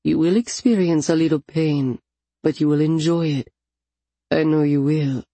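A woman voicing a menacing male captor who speaks slowly and soothingly in a thick accent. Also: low voice, dark tone, dry recording. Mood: calm, menacing. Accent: thick foreign accent. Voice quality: slow, soothing, controlled.

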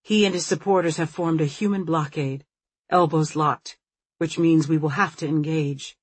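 A woman narrating a novel in the first person with measured, observant storytelling. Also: deep voice, steady tone, breathy edge, no echo. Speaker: audiobook narrator.

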